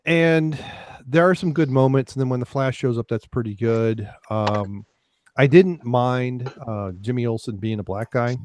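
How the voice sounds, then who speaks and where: A man's voice: medium pitch, a little slow, darkish tone, no echo. Casting note: male podcast host, casual and rambling, lots of ums and restarts, dry close sound. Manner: rambling, many fillers and restarts, laughs often. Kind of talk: casual chat.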